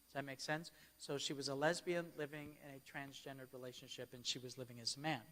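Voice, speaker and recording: A man's voice: mid-range voice, level tone, quick pace, fairly bright tone. A man giving a church keynote as a storytelling sermon, often checking in with his audience. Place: church hall. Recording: long hall reverb.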